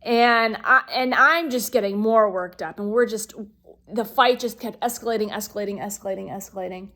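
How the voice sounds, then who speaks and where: A woman speaking bluntly to her viewers in a personal vlog, swearing freely and dropping to a hush at low points. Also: moderate pace. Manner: talks straight to viewers. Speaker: vlogger.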